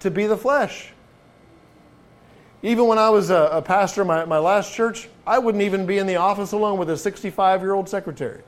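A man's voice: sits high, a little fast. A man preaching a sermon as a pastor in a conversational way, often restarting his phrases and asking the listeners rhetorical questions. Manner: frequent restarts and repeated words.

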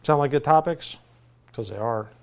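A man's voice: mid-range voice, moderate pace, a little mellow, smooth. A middle-aged male pastor preaching a folksy, conversational sermon with self-deprecating asides.

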